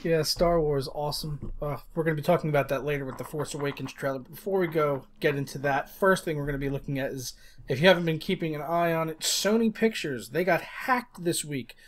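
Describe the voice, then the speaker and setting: A man's voice: on the high side, a little fast. An American man hosting a casual podcast, joking and laid-back as he chats. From United States. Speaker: podcast host.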